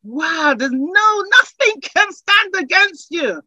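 A woman's voice: very high voice, animated, slow, dry recording, muffled recording. A woman preaching a sermon, building from chatty asides to fervent, repeated declarations. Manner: rising to fervent shouts, repeating phrases.

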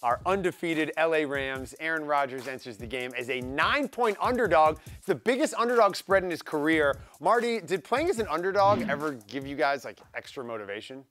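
Higher-voiced joking male sports host. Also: lively intonation, a little fast, few pauses, fairly bright tone, faint music behind. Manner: joking, teasing. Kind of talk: casual sports betting chat.

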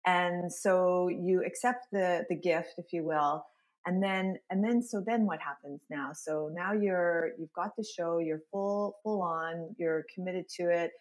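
A woman with a somewhat low voice for a woman hosts an interview. She is encouraging and often recaps her guest's story back to her in her own words. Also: measured pace. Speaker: podcast host, interviewer. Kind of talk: conversational interview.

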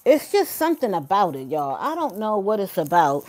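A woman's voice: mid-range voice, sing-song, brisk, darkish tone. A young woman and mother chatting casually to her viewers at home, often calling them "y'all". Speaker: vlogger and mother. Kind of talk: casual chat to camera. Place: home kitchen.

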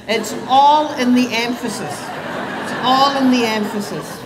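A woman's voice: on the high side, measured pace. A woman in her fifties, a child psychiatrist, giving a public talk to parents and teachers in a chatty, self-deprecating way with asides and restarts. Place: event hall. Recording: distant mic, long hall reverb, faint noise.

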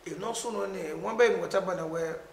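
A man's voice: high voice, fast talker, creaky, a little hiss or hum. A man with a Nigerian accent, a musician talking animatedly in a casual conversation. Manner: animated, mixing pidgin and Edo. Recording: echoey room.

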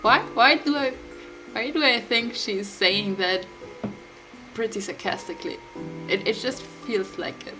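A woman's voice: fairly high pitch, animated, measured pace, pauses often, rough recording. A woman streaming a video game, chatting casually and reading its dialogue aloud in an amused way. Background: game music.

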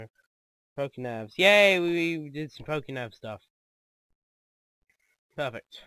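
A man hosting a let's play, commenting excitedly on the game, joking and laughing easily. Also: a little high, takes it slowly, pauses often, smooth, dry recording.

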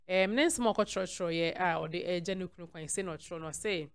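A woman's voice: lowish voice, a little fast, hardly any pauses, clear, resonant tone. A woman with a Ghanaian accent hosting a celebrity gossip channel, mixing Twi and English as she reads viewer comments aloud. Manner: mixes Twi and English freely.

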